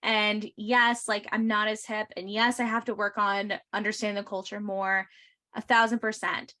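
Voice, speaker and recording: A woman's voice: mid-range voice, little pitch movement, moderate pace, sharp tone. A woman in her forties chatting on a podcast, earnest and emphatic. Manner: earnest, emphatic, many fillers. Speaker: youth ministry panelist. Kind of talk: casual podcast chat.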